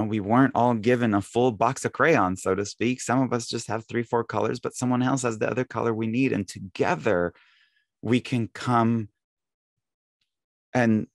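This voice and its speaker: Low-voiced man giving an easygoing spiritual talk. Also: vocal fry, no echo, studio quality. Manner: relaxed, conversational, acts out exasperated quotes. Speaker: speaker giving a Sunday talk.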